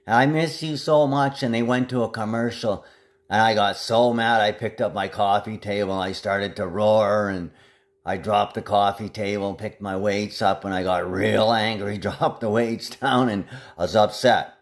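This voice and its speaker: A man's voice: fairly low pitch, little pitch movement, normal speed. A man delivering a rambling, agitated monologue to camera, jumping from one topic to the next.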